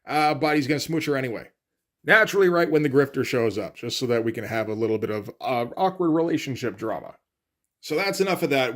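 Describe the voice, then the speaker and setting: A man casually recapping and critiquing a comic issue in an offhand, rambling way with lots of fillers. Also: mid-range voice. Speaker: comics commentator. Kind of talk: casual comic read-through.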